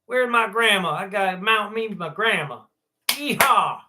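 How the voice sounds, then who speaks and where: A man's voice: sits high, animated, unhurried, background noise, voice pushed up. A man voicing a folksy, rowdy Southern country man in an exaggerated mock Southern American accent, hollering now and then. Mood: hammy. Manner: exaggerated drawl with hollered exclamations.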